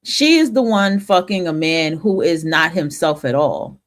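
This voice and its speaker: A woman's voice: sits low, lively intonation, a little slow. A woman from the northern United States hosting a talk stream and giving a blunt, profane opinion monologue, often restarting her sentences.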